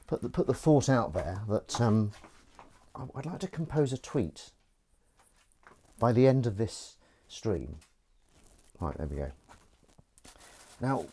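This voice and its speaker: A man hosts a laid-back livestream, rambling through jokes and false starts as he pokes fun at himself. His voice swoops up and down with lively intonation. A faint hiss sits behind him. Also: medium pitch. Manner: rambling, jokey and self-mocking, with false starts and wordplay. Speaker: livestream host. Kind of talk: casual livestream chat while washing up.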